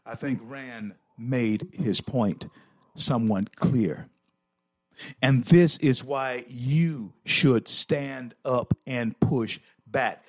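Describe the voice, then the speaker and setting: Male host doing preachy political commentary; drawn-out delivery, repeats lines for emphasis. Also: mid-range voice, dry recording, studio quality. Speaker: talk show host.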